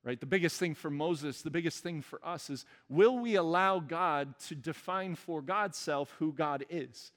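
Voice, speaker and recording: A man's voice: a little high, a little slow, few pauses, long reverb tail. A male pastor delivering an earnest sermon and leading a prayer. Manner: earnest preaching, soft prayerful close.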